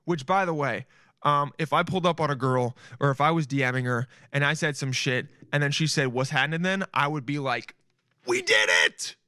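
Animated young man riffing on his podcast. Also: fairly high pitch, a little fast, no room sound, clean studio sound. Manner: animated, laughing, slangy, keeps saying "dude". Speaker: podcast host. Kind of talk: casual solo podcast riff.

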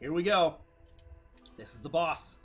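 A man casually chatting and commentating while playing a video game, loud and playful, bursting into shouts. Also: fairly high pitch, expressive, a little slow, husky, faint music behind. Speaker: gameplay commentator. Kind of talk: casual gaming chat.

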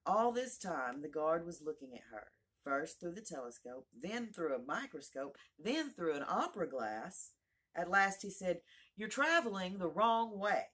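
A woman reading a children's classic aloud, expressive and giving each character its own voice. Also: sits low, normal speed, husky. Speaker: narrator, audiobook reader. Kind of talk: storybook read-aloud.

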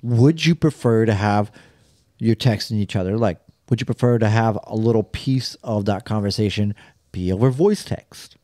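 A young man co-hosting a podcast, excitable and profane, chiming in with quick agreement. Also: fairly low pitch, no room sound, clean studio sound. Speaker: podcast co-host. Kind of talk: casual crude podcast banter. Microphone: studio podcast mic.

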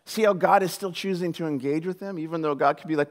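An animated man gives a conversational sermon, joking with the congregation as he goes. His voice sits a little on the high side, and he drops into the voices of the people in his story before coming back to plain talk. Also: quick pace. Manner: animated, jokey, acts out quoted voices. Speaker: pastor.

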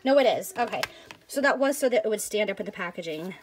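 A woman vlogger chatting excitedly to viewers as she unboxes a package of craft supplies. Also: mid-range voice, fast, slight background noise. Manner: gushing, excitable, addresses viewers as you guys. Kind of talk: casual unboxing chat.

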